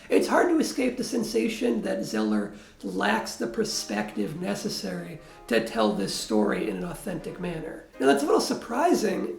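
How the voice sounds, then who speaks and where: A man's voice: high-pitched, creaky, reverberant. A man giving a blunt, wry film review in a critical tone.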